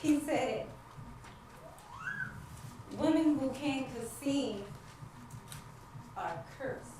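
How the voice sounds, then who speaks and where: An actress playing a grieving wife who longs for a child, delivering an emotional stage monologue that moves between despair and faith. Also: female voice, high-pitched, extremely slow, distant mic, background noise. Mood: heartbroken. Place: theater stage. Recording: echoey stage miked from afar.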